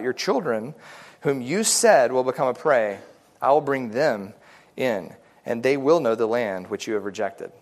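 Man, Bible study teacher, casual teaching, conversational, filler-heavy, reads scripture aloud, mid-pitched voice.

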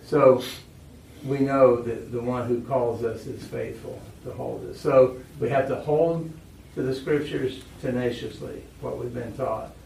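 A man's voice: mid-range voice, fairly even intonation, measured pace, vocal fry, a little mellow, a little hiss or hum. A male pastor preaching a sermon, telling stories and asking his congregation questions. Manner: storytelling, asks the congregation questions. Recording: echoey room, voice from far off.

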